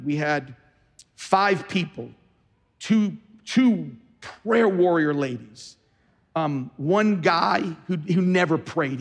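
Pastor, male, sermon delivery, fairly high voice, long hall reverb. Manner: storytelling, quoting others, rising to fervent exhortation.

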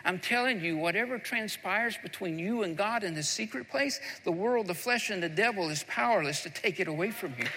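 A man's voice: high-pitched, brisk, few pauses, noisy background. A man preaching a sermon, building to fervent, emphatic delivery. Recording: long hall reverb.

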